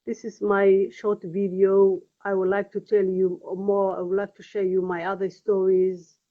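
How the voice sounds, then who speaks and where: A woman from Somalia with a Somali accent and Somali as her first language, speaking English in an earnest, pleading, halting personal vlog testimony. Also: medium pitch, completely flat delivery. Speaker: vlogger. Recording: tinny phone-like audio.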